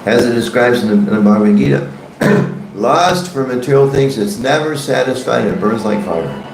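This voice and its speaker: A man's voice: medium pitch, lively intonation, brisk, creaky, a little hiss or hum. A man teaching a devotional scripture class in a temple hall, conversational and joking, questioning his audience. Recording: echoey room.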